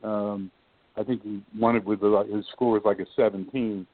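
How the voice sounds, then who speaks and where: An older man, a former basketball shooting coach, telling a casual anecdote as a lively storyteller who acts out the dialogue he quotes. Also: lowish voice, moderate pace, no echo. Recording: tinny phone-like line, dry.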